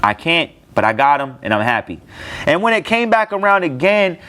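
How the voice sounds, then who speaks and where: A man hosting a casual sports talk show, telling a story with animated, incredulous outbursts. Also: moderate pace. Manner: animated storytelling, pitch jumps up when incredulous. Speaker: show host. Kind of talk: casual fantasy football talk.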